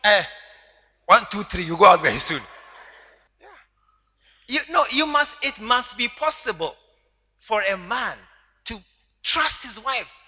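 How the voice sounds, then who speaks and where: A man preaching a sermon to a congregation, animated and teasing, laughing along with them. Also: high-pitched, measured pace, pauses often. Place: church hall. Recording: long hall reverb.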